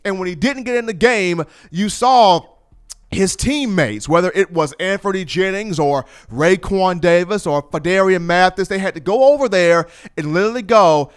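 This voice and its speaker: A man hosting a sports talk show, talking in an animated, playful storytelling manner. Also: high voice, moderate pace, clean tone. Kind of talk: energetic sports talk commentary.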